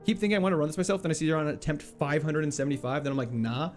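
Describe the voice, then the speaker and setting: A man's voice: fairly high pitch, expressive, racing, soft background music. A man streaming a video game live, chatting casually and playfully as he reads out chat and laughs often. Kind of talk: casual live gameplay commentary, reading chat.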